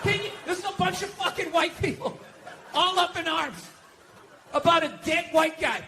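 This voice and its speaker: A man's voice: very high-pitched, expressive, normal speed, pushed and bright. A middle-aged man doing a profane, exasperated stand-up routine on stage before a live audience. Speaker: stand-up comedian. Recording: live show with crowd laughter and noise.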